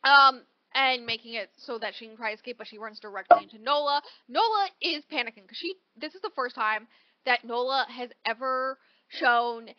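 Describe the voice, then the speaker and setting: A woman co-hosting a podcast, recapping a novel in animated, casual chat full of "like" and "right?", with casual swearing. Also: fairly high pitch, moderate pace, dry recording, highs cut off. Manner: animated storytelling, peppered with "like" and "right?". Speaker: podcast co-host.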